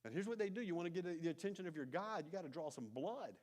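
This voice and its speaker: Pastor guy preaching, swings all over in pitch, dramatic then hushed. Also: fast, hardly any pauses. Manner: animated storytelling, often dropping to soft intense asides. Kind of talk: sermon. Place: church sanctuary.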